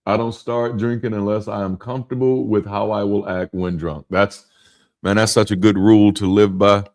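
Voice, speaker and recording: A man's voice: lowish voice, normal speed. A man in his thirties from the Southern US with a Southern accent, hosting a casual live chat and telling jokey stories. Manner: animated storyteller, jokey, laughs often. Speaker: host.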